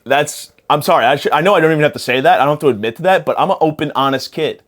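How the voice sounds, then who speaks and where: Racing along in a fairly high, slightly bright voice, a young male podcaster delivers a rambling, profane comedy monologue. He sounds spacey in the wake of a panic attack and keeps leaping from one topic to the next.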